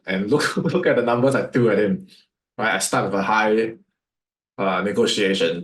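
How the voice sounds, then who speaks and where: A man's voice: on the low side, normal speed. A man with a Singaporean English accent, teaching sales as a coach, firing rhetorical questions at his listeners. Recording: echoey room.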